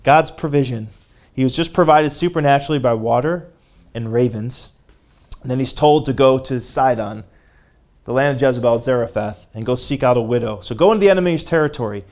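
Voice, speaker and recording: A man preaching a sermon, reading a story aloud and pausing to speak directly to his congregation, growing fervent. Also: mid-range voice, darkish tone.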